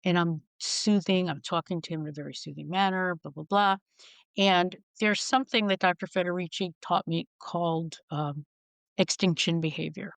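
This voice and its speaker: A woman's voice: on the low side, moderate pace, vocal fry, no room sound. A middle-aged woman speaking frankly as a podcast guest, telling wry stories and acting out the people in them. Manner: frank, wry, acts out quoted voices. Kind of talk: candid storytelling conversation.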